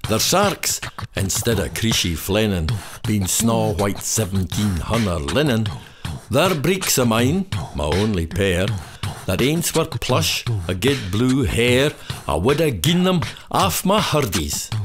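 A man giving a dramatic recitation of a narrative poem in a slow, theatrical storytelling manner. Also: fairly low pitch, over music. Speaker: poetry reciter. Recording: steady background noise.

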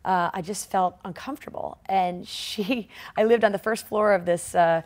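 Speaking at a moderate pace in a mid-range voice, a triathlete guest in her forties recounts a story during a relaxed interview. She's lively, laughing as she performs the quoted lines.

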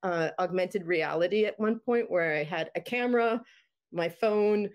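A woman's voice: lowish voice, normal speed. A woman filmmaker chatting about her experimental work, full of fillers, restarts and small laughs. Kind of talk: casual panel chat.

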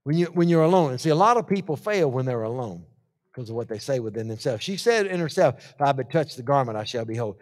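A man preaching a sermon, swinging from hushed asides to shouted lists and acting out the voices he quotes. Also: medium pitch, animated, quick pace. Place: church hall. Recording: long church-hall reverb.

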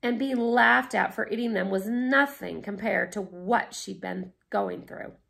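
A woman art teacher reading a picture book aloud with expressive, animated storytelling, then explaining a class project. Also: medium pitch, unhurried, creaky.

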